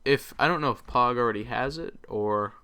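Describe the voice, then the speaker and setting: A man's voice: mid-range voice, normal speed, sharp tone, smooth. A man hosting a let's play, chatting casually over his gameplay and rambling with many ums and uhs.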